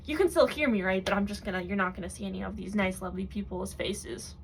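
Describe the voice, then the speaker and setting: A woman's voice: mid-range voice, fast talker, slight background noise, close to an everyday voice. A woman mimicking a self-important, dramatic female streamer in a mock-sweet, overacted tone.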